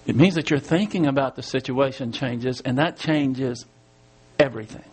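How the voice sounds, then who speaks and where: A man's voice: medium pitch, moderate pace, slightly rough. A man preaching a verse-by-verse Bible sermon in a conversational way, asking rhetorical questions and chuckling as he explains. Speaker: Bible teacher.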